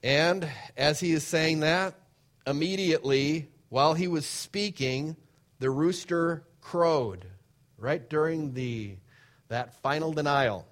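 A man preaching a sermon, reading scripture verses aloud and then explaining them in plain conversational asides. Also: a little high.

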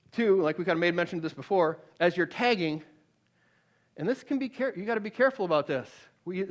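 On a muffled recording, a man preaches a sermon that swings between loud, emphatic peaks and low, hushed storytelling. He frequently repeats words as he begins again.

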